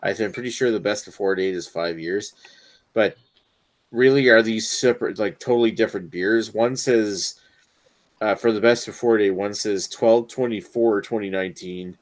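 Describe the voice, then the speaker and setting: A man's voice: fairly low pitch, moderate pace. A man reviewing beers in a casual drinking chat, rambling and hesitant, full of fillers and the odd swear word. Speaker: beer reviewer co-host.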